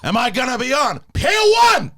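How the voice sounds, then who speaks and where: A man doing a comic impression of an indignant older male movie star who rants and shouts. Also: extremely high pitch, animated, moderate pace, exaggerated voice. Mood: outraged.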